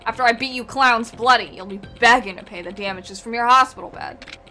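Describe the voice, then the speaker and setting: Brief: woman playing a taunting gangster thug, bright and forceful. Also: fairly high pitch, fairly quick, faint music behind. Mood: threatening. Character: menacing male thug, loud and mocking.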